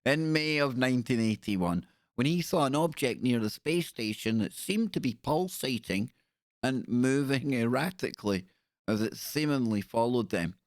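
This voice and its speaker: A man's voice: medium pitch, animated, normal speed, no echo. A man hosting a livestream, narrating casually in a chatty way and stumbling over foreign names with self-mocking asides. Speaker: livestream host. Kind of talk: casual live-stream narration.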